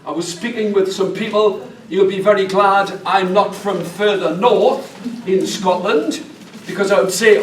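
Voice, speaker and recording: A man's voice: sits high, a little slow, distant mic, slight background noise. A man with a northeast English accent leads a storytelling workshop, chatty and jokey, engaging the room. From northeast England. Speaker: storyteller leading a teacher workshop. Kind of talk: lively workshop talk to an audience. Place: large hall with an audience. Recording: echoey hall, mic from afar.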